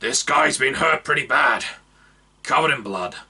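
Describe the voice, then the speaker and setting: A man voicing a big, gruff but friendly female orc who bellows and talks brusquely. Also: medium pitch, animated, unhurried, sharp tone, distant mic, pitched above the performer's own voice, full character voice.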